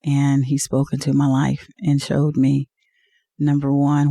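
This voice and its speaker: A woman's voice: extremely low pitch, completely flat delivery, a little slow, creaky, dark tone, no echo, clean studio sound. Earnest woman telling a heartfelt story. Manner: earnest, heartfelt testimony with many "uh"s. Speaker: interview guest, league executive. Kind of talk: personal storytelling in an interview.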